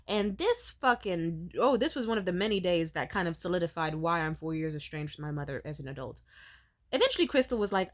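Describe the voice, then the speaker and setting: A woman's voice: mid-range voice, sing-song, a little fast. A woman in her twenties ranting in a vlog about her childhood, talking in a profane, rambling way. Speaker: vlogger. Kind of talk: ranting personal vent.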